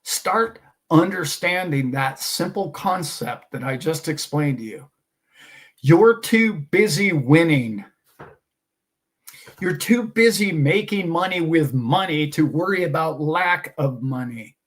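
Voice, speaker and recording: A man's voice: fairly high pitch, expressive, takes it slowly. A man hosting a casual monologue, talking in an emphatic, preachy way and mocking his doubters. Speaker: host.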